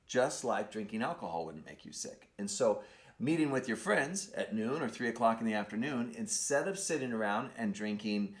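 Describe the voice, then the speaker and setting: A man's voice: on the low side, expressive, moderate pace. A man hosting a podcast, talking casually with many fillers and restarts. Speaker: podcast host.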